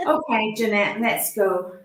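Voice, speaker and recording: A woman giving a live mediumship reading in a halting, soothing way, pausing on fillers and checking in with her sitter. Her voice sits in an ordinary middle pitch and rings in a roomy, echoey space. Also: fairly even intonation, a little hiss or hum. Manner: halting, gently reassuring, asks permission often. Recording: roomy echo.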